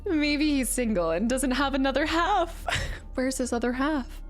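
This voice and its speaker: A chatty woman streamer commenting playfully on a game as she plays, joking and reacting to her viewers. Her voice is a touch high, with soft game music running underneath. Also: lively intonation, a little slow. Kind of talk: casual live-stream commentary.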